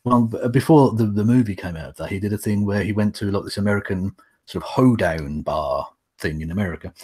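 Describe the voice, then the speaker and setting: Low husky English man, lively pitch. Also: fairly quick. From England. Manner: wry, swearing, chatty asides. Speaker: co-host. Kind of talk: casual chat on a video call. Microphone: video call.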